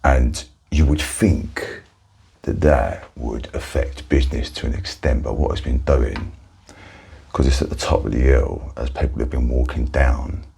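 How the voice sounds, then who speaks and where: A Cockney man speaks in a whispered role-play as a friendly barber. His voice is very deep, gravelly and deeply husky. He stays soft-spoken and chatty throughout. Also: unhurried. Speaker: barber in ASMR roleplay.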